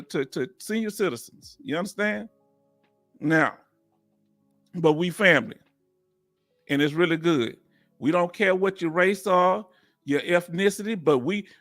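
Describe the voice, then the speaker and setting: A man's voice: sits high, a bit bright, no room sound, clean studio sound. Southern man hosting a live chat. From Texas, United States. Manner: chatty and folksy, reading out viewer comments. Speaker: host of a veterans live chat. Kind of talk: casual live-stream chat.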